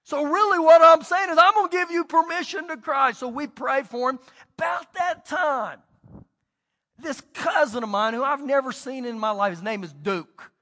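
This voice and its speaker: High, bright-voiced man preaching a sermon. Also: moderate pace, long reverb tail. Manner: storytelling, swings between loud and hushed. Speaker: pastor.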